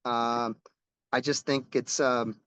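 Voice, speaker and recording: A man's voice: mid-range voice, little pitch movement, slow pace, a bit bright, clear, resonant tone, dry recording, poor audio. A middle-aged man, a rock musician, telling stories in a casual interview, rambling and restarting as he goes and swearing casually.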